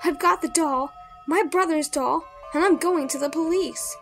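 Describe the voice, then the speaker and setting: A woman's voice: a little high, very animated, moderate pace, faint music behind. A woman voicing a frightened young girl who shrieks and pleads in panic. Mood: defiant.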